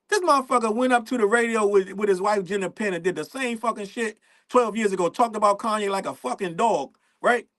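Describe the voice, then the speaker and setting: A man with a notably high-pitched speaking voice hosts a casual commentary show. He rants in a profane, animated style and breaks into laughs between points. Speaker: show host.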